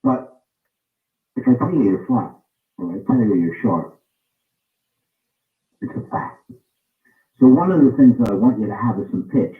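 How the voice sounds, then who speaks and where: A man's voice: on the low side, lively intonation, unhurried, long pauses, distant mic. A man in an interview, explaining what he looks for in singers in an emphatic way, repeating his points for stress. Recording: tinny phone-like sound, roomy, off-mic.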